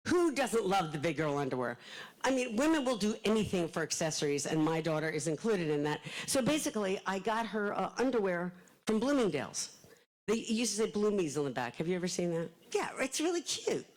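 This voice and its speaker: Animated woman telling stories to an audience. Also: mid-range voice, brisk, rough recording. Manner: animated, self-deprecating storyteller acting out quotes. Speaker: author speaking at a library event. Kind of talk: storytelling talk to a live audience.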